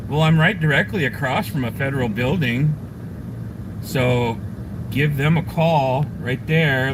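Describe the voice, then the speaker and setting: Swearing man streaming from a noisy street. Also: on the high side. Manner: swears freely, mocking and offhand. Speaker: live streamer being restreamed. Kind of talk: casual profane storytelling while reading chat. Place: outdoors on a city street. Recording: noisy street audio, restreamed.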